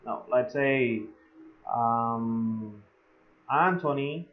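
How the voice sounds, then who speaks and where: This man, whose first language is Spanish, speaks at a medium pitch while giving an online English grammar lesson. His pace is slow, peppered with "eh" fillers, and he stretches out each example sentence, all captured on slightly dull lo-fi audio.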